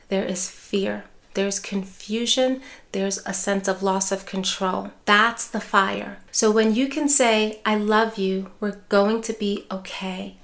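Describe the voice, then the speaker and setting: A woman teaching caregivers in a calm, measured voice. She speaks steadily and reassuringly, with the clear pacing of a prepared lesson to camera. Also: medium pitch. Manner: calm, measured, reassuring delivery with acted example phrases. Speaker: neuropsychologist and dementia care educator. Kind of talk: scripted educational talk to camera.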